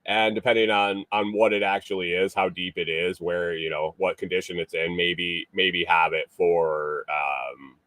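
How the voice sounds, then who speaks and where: A man's voice: deep voice, flat delivery, unhurried, a bit bright, dry recording. A man hosting a morning show, telling a casual story in a rambling way with many fillers and restarts.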